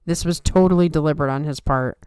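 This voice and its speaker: A woman's voice: deep voice, fast, dark tone, clear, resonant tone, no room sound, clean studio sound. A tired woman hosting a livestream, chatting casually and answering comments from her viewers. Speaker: livestream host.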